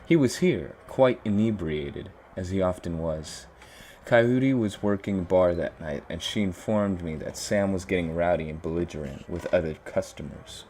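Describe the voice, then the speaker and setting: A man's voice: deep voice, moderate pace, mellow, slight background noise, natural voice. A man voicing a composed, guarded but playful woman who runs a bar, read aloud from a game.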